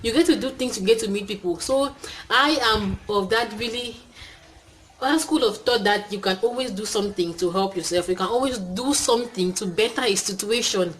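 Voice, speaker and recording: A woman's voice: medium pitch, moderate pace, a bit bright, slight background noise, low-quality recording. A young woman with a Cameroonian accent, chatting casually and upbeat to camera as the host of her channel, full of fillers. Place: indoors, talking to camera.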